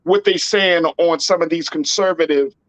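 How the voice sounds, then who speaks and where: A man's voice: a little high, moderate pace, a bit bright, dry recording. A man hosting a political talk show, speaking in an emphatic, slangy and repetitive way. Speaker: host.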